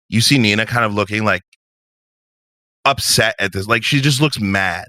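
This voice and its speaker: A man's voice: fairly low pitch, normal speed, long pauses, sharp tone, no echo. A man narrating a tabletop role-playing game as game master, in a casual, conversational way.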